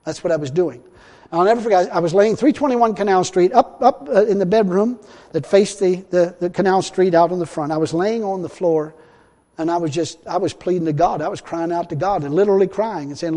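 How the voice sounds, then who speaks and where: A man preaching a sermon in a folksy way, repeating himself and swinging between loud and hushed. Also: high-pitched, a little fast. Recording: long hall reverb.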